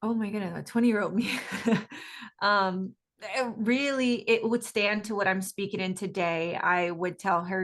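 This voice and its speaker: A woman's voice: medium pitch, a little slow, fairly bright tone. A woman guest coach speaking energetically in an interview, emphatic and often laughing. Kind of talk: enthusiastic interview talk.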